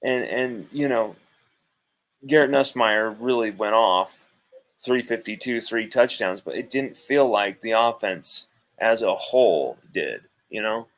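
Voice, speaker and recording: A man's voice: fairly low pitch, measured pace, a bit bright, poor audio. A man hosting a live postgame show, ranting hotly with swearing and repeating his points for emphasis, speaking from home. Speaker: sports podcast host.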